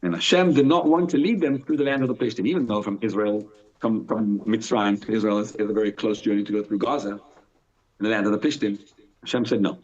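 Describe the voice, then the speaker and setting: A man, a rabbi, teaching a live Torah class in an animated way, asking and answering his own questions and reading Hebrew text aloud. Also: on the low side, quick pace. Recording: dull lo-fi sound.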